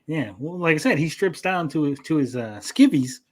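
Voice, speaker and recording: A man hosting a casual podcast chat, swearing freely and retelling scenes with quick quoted voices. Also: fairly high pitch, animated, a little mellow. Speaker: podcast host.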